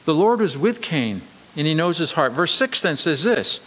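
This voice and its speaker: A man pastor preaching a sermon emphatically, swinging between raised, quick delivery and slow, low emphasis. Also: big pitch swings, a bit bright, slightly rough, big-room sound. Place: church sanctuary.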